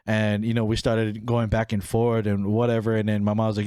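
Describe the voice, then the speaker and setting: A man's voice: lowish voice, monotone, fairly quick, hardly any pauses, darkish tone, smooth, dry recording, clean studio sound. A young man hosting a podcast and telling a family story in a casual way. He talks with animation and acts out the people in it, raising his voice for them. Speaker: podcast host.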